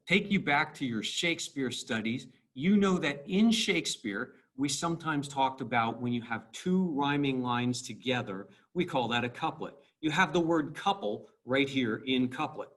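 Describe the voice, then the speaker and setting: A man teaching high school English in a recorded video lecture, explaining patiently and stressing syllables to show the rhythm. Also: a bit bright. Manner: repeats words and restarts.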